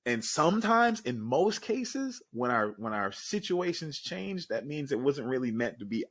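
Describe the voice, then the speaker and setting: A young man co-hosting a podcast, telling stories with animated, motivational energy. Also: medium pitch, unhurried, dry recording. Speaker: podcast co-host. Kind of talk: casual chat.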